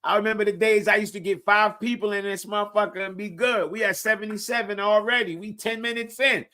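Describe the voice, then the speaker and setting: A man's voice: high-pitched, fairly even intonation, brisk, few pauses, bright, forceful tone. A man live streaming in casual chat, profane and hyped, pushing his viewers.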